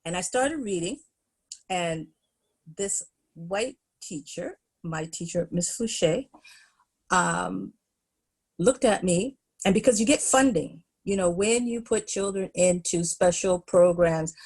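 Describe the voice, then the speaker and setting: A middle-aged woman, a podcast guest, telling school stories in an animated, laughing way. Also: lowish voice, takes it slowly, breathy edge. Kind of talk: storytelling in a podcast interview.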